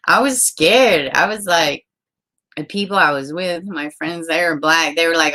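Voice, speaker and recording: A woman's voice: low voice, measured pace, sharp tone. A woman streamer rambling casually to her viewers, swearing often and trailing off mid-thought. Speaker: live streamer.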